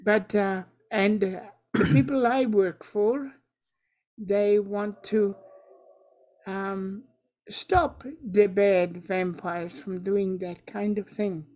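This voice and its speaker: A woman's voice: mid-range voice, fairly even intonation, slow, a little mellow, close to an everyday voice. A woman voicing a friendly vampire who patiently explains things in an earnest way.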